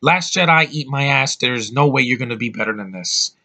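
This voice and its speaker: A man's voice: medium pitch, brisk, pushed and bright. A man giving a casual spoken movie review, enthusiastic and blunt, rambling with restarts and the odd swear word.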